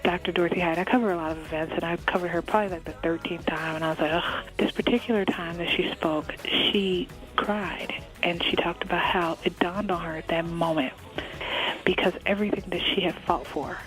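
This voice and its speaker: A woman's voice: lowish voice, fairly even intonation, fairly quick, a bit bright, soft background music, rough recording. A woman hosting a radio interview, talking in a chatty, candid way with frequent restarts. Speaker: radio host.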